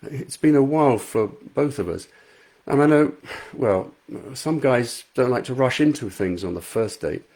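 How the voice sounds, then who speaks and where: A man reading as Daniel, a soft-spoken young man. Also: mid-range voice, lively intonation, a little slow. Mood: hesitant. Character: young man, gentle then playfully forceful. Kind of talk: reading a romance novel aloud. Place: home front room.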